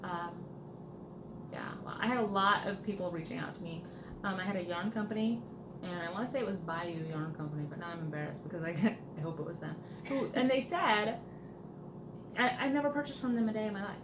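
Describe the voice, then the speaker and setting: A woman's voice: mid-range voice, brisk. Chatty woman in a roomy room. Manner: chatty, animated storyteller. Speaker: podcast co-host. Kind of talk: casual chat. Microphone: table mic, sits back from it. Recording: roomy with background noise.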